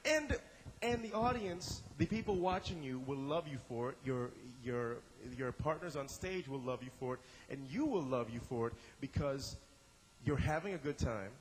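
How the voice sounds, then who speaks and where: A man's voice: mid-range voice, lively intonation, moderate pace, long reverb tail, low-quality recording. A man teaching an improv class, talking with energy, acting out short examples in character voices and often repeating and restarting his words. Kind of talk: instructional talk to a class.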